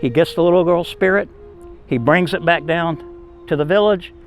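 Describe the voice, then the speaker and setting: Animated man telling a tale to kids. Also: on the high side, normal speed, faint music behind. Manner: animated, emphatic storytelling. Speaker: storyteller. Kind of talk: telling a folk tale to children.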